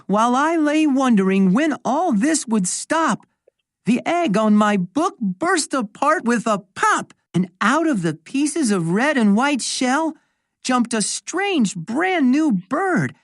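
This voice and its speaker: A woman's voice: a little high, fairly bright tone, dry recording, clean studio sound, full character voice. A woman voicing a stammering, flustered schoolboy telling a long excuse in a storybook.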